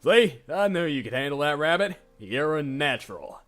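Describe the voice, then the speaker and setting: A man's voice: on the high side, big pitch swings, moderate pace, fairly bright tone, soft background music. A man voicing an easygoing cowboy with a folksy drawl. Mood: encouraging.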